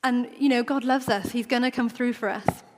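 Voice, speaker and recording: A woman's voice: on the high side, fairly even intonation, normal speed, darkish tone. A woman preaching a sermon in a church, talking in a conversational way and acting out the quoted voices. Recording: long church reverb.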